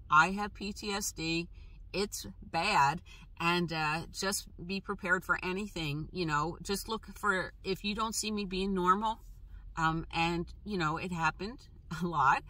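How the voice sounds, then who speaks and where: A woman vlogger telling personal stories in a casual, halting way, with frequent pauses, restarts and fillers. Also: fairly low pitch, bright, forceful tone. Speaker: travel vlogger.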